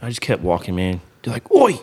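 A man's voice: fairly low pitch, huge pitch swings, brisk, darkish tone, husky. A young man hosting a podcast, telling stories in casual chat, swearing often and laughing as he talks. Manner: swears a lot, laughs through his stories. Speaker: podcast host.

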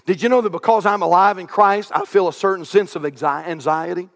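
A middle-aged pastor, preaching a sermon from the pulpit that swings from loud shouts to hushed, quiet asides. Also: male voice, sits high, fairly quick, in a large hall. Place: church sanctuary.

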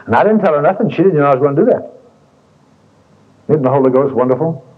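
A man's voice: a little high, lively intonation, fast. A man preaching a sermon in a folksy, colloquial way, repeating phrases and telling stories to the congregation. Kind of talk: sermon with storytelling. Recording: dull lo-fi tape recording.

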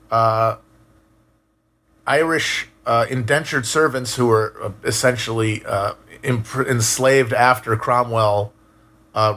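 Man, casual stream chat, rambling and musing, restarts mid-sentence, mid-pitched voice. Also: pushed and bright.

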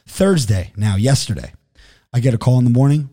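A man telling a story in a casual chat, animated and profane, acting out both sides of phone calls. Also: mid-range voice, fairly quick.

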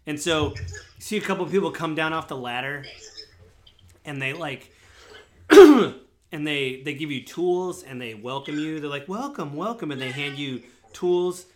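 A man's voice: a little high, lively intonation, unhurried. A man narrating as game master of a tabletop game, loose and rambling with lots of fillers.

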